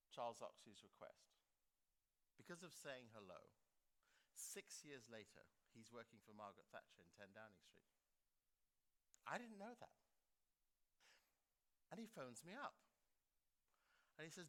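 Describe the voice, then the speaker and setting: An older man from England giving an anecdotal speech at a book launch, animated and laughing often as he acts out quotes. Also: medium pitch. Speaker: guest speaker at a book launch. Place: school theatre.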